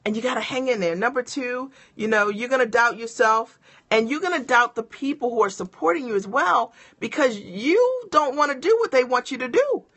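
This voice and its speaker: A woman's voice: fairly high pitch, normal speed. A middle-aged woman giving a motivational live-stream talk as a business coach, speaking straight to her viewers and encouraging them. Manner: energetic and encouraging, addresses viewers directly.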